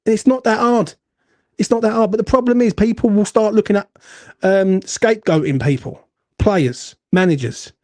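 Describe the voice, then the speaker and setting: A man rants bluntly and swears as host of a fan call-in show. His voice sits a little high but sounds dark and mellow, caught dry and close. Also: normal speed, dry recording. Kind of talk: heated fan call-in chat.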